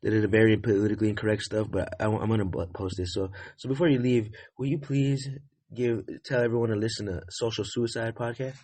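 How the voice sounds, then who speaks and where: A man's voice: lowish voice, fairly even intonation, a little fast, darkish tone. A man hosting a podcast, chatting loosely and joking with a friend. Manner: loose, joking, affectionate banter with swearing. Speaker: podcast host. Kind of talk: casual chat.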